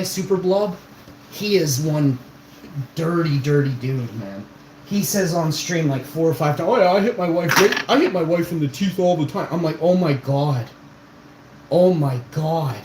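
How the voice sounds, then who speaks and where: A man in his forties delivers an exasperated, scornful rant straight to his viewers, his voice sitting a little high. The room rings with a noticeable echo. A faint hum runs underneath. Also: darkish tone. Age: 40s. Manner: exasperated, scornful, calling someone out. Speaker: streamer. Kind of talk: ranting monologue to viewers.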